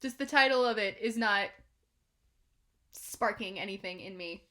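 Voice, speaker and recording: A woman reviewing an album in a reaction video, excitable and swearing, swinging between hushed whispers and shouts. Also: medium pitch, unhurried. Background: album music playing.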